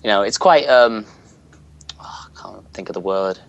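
A man's voice: on the low side, normal speed, lo-fi sound. A young man chatting casually about video games, rambling and laughing often as he searches for words. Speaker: podcast co-host.

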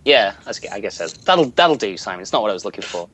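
A man's voice: lowish voice, sing-song, fast talker, a bit bright. A young man chatting casually about video games, rambling and laughing often as he searches for words. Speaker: podcast co-host.

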